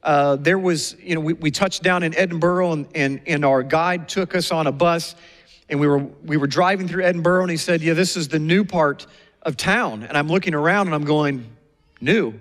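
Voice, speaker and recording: High-voiced man preaching in a reverberant hall. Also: brisk. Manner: animated storytelling, acting out quoted people. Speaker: pastor. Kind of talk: sermon.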